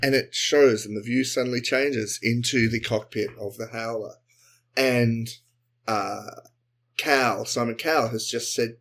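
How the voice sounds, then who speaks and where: A man co-hosting a comedy podcast, improvising a sci-fi story and jumping into quick character voices. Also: mid-range voice. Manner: animated, acts out characters in quick bursts. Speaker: podcast co-host.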